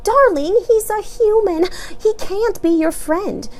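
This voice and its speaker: A woman voicing a gentle but firm mother beetle in a storybook reading. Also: very high voice, takes it slowly, pitched above the performer's own voice. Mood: soothing firm. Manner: soothing yet firm.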